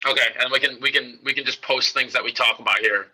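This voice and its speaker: A man with a very bright, mid-pitched voice chats easily on a podcast. He is relaxed and conversational. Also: fast talker, husky, rough recording. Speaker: podcast co-host. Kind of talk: casual chat.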